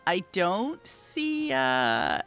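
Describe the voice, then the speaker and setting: A woman's voice: fairly low pitch, huge pitch swings, drawn-out words, music in the background. A woman hosting a casual live-stream chat, upbeat and laughing often. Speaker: host.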